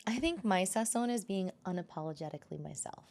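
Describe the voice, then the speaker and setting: A woman's voice: mid-range voice, lively intonation, fast, darkish tone. A young woman from Colombia, chatting on a podcast and switching freely between English and Spanish as she talks. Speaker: podcast guest. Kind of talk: casual podcast conversation.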